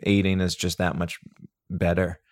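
A man's voice: low voice, level tone, moderate pace, a little mellow. A man who teaches breathwork, telling a story in a casual podcast chat, full of restarts and fillers. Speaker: breathwork instructor.

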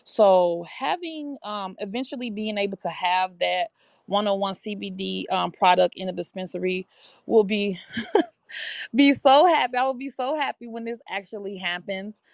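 A woman's voice: medium pitch, normal speed, gravelly, no room sound. A woman guest talking enthusiastically in a casual interview, full of fillers and restarts. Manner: enthusiastic, chatty, many fillers. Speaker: interview guest, brand ambassador. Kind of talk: casual testimonial chat.

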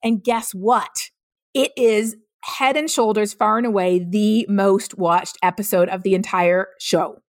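A middle-aged woman, a climate scientist guest on a podcast, explaining her views in an earnest, measured way. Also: medium pitch, steady tone, no room sound, studio quality. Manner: earnest, explanatory, laughs easily. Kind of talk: podcast interview.

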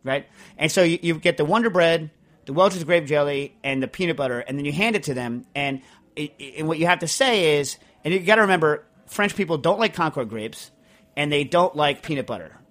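A man's voice: a little high, animated, a little fast, a bit bright. A man hosting a podcast in casual chat, rambling and emphatic, full of restarts as he answers listener mail. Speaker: podcast host.

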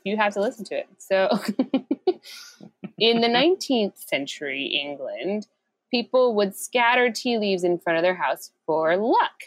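A woman's voice: medium pitch, expressive, unhurried, no room sound, poor audio. A woman co-hosting a podcast, reading out trivia with jokes and giggles in casual chat. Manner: jokey, giggly, reads out trivia. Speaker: podcast co-host.

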